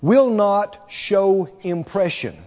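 A man's voice: sits high, expressive, slow pace, a little mellow. A man preaching a sermon as a pastor, speaking emphatically, repeating key words and mimicking people with a laugh. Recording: dull reverberant hall recording.

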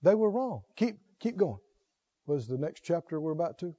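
A man's voice: fairly high pitch, sing-song, moderate pace, dark tone, highs cut off. A man preaching a sermon, reading scripture aloud and calling questions out to his congregation. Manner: calls out questions to the congregation, reads scripture aloud with rising fervor.

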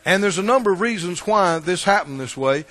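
A man's voice: sits high, expressive, brisk, a bit bright. A man preaching a sermon to a church congregation, emphatic and repetitive, drawing call-and-response from the room. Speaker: pastor. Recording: long hall reverb.

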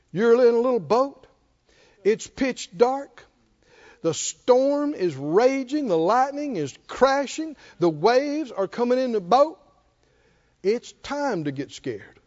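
A man's voice: extremely high pitch, highs cut off. A man preaching a sermon, asking the congregation questions and chuckling often. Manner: animated call-and-response preaching, chuckling often. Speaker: pastor.

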